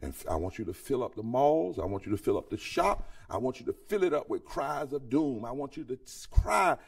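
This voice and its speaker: A man's voice: medium pitch, sing-song, a little fast, gravelly, slightly rough. A man preaching a sermon-style address at a conference, calling out to the audience and building to near-singing peaks. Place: large conference hall. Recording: voice picked up from far off the mic.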